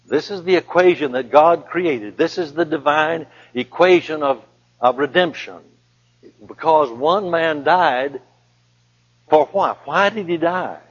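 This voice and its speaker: A male preacher delivers an emphatic sermon, reading scripture aloud and repeating his phrases slowly for weight. His voice sits a bit high and sounds husky. The recording is dull and lo-fi, with a long reverb from a large hall.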